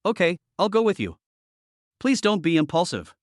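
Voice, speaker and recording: Casting: male narrator as a steady, polite young man under threat, animated pitch, dry sound. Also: normal speed, dry recording. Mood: calm. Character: young male professor's assistant, calm and guarded.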